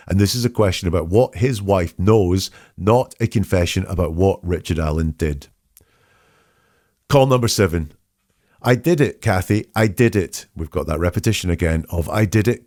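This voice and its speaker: A man hosting a podcast, analysing statements in a measured, questioning way and reading quotes aloud. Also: low voice, a little mellow, no echo, clean studio sound. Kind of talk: analytical commentary.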